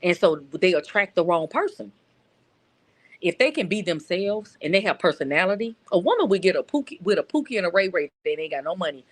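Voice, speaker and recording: A woman's voice: fairly low pitch, very animated, fairly quick. Middle-aged woman calling in, earnest. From North Louisiana. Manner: earnest, repeats words while searching for them. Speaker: caller. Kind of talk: casual call-in chat.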